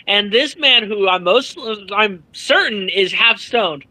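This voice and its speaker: A man being interviewed as an author, telling a story with lively energy, swearing freely and acting out what others said. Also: high-pitched, slow, few pauses, no room sound, low-quality recording. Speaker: author guest. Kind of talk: animated storytelling in casual chat.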